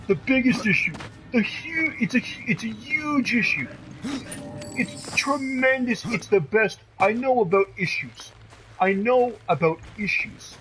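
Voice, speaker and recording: A man's voice: very high-pitched, expressive, a little slow, slight background noise, heavily acted, poor audio. A man doing an impression of a boastful older male politician who repeats bragging superlatives, with video game music behind him. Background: loud video game music.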